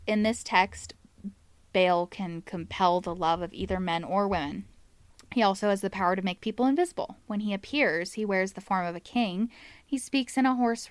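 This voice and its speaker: A woman's voice: medium pitch, no echo. A woman hosting a paranormal podcast, chatting casually about demon lore with wry asides. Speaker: podcast host.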